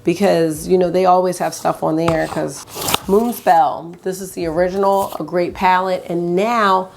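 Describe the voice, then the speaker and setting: A woman's voice: lowish voice, steady tone, unhurried, creaky, background noise. A young adult woman chatting enthusiastically at home as she reviews makeup for her vlog. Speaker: beauty vlogger. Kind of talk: casual makeup review chat.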